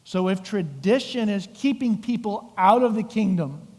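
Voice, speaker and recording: Animated pastor preaching in a reverberant church. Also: male voice, sits high, normal speed, hardly any pauses. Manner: animated storytelling with acted-out voices. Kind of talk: sermon. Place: church sanctuary. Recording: long hall reverb.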